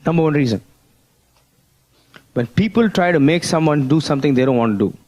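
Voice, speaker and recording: A man's voice: on the high side, lively intonation, fairly quick, a little mellow. A man giving a motivational business seminar talk, prodding the audience with rhetorical questions and "Hello?" while drawing on a board.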